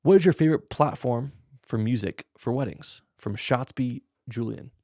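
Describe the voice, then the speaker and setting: A man's voice: moderate pace, dark tone, no echo, studio quality. A young man hosting a podcast, casually answering listener questions in a frank, laid-back way. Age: young adult. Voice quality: gravelly low voice. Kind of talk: casual Q&A chat.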